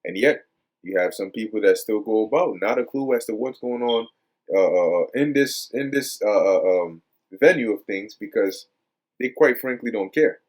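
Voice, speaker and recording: A man's voice: fairly low pitch, moderate pace. A man reading news quotes aloud and commenting on them in a casual religious style, with lots of hesitations and repeated words. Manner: many fillers and repeated words; reads quotes aloud then remarks on them.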